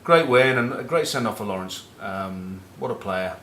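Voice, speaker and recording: An expressive, slightly bright voice on the low side, at a moderate pace, belongs to a middle-aged former rugby captain from northern England with a Northern English accent. He rambles through cheeky, sweary match talk and anecdotes in casual rugby chat. The sound is roomy, with slight background noise.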